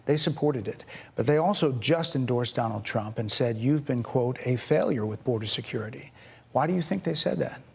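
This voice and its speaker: A man's voice: medium pitch, animated, moderate pace, gravelly, husky, in a large hall. A man as a television interviewer asking persistent, probing questions. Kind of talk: pressing broadcast interview questions.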